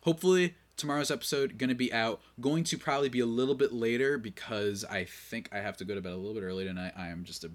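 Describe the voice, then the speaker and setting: A man hosting a casual sports podcast, opinionated and quick to rant in exasperation, running on little sleep. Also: mid-range voice. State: short on sleep. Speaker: podcast host.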